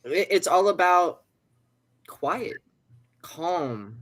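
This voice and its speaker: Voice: mid-range voice, lively intonation, extremely slow, a bit bright. A panel guest giving plain-spoken, laid-back advice about keeping gear simple. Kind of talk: casual panel chat.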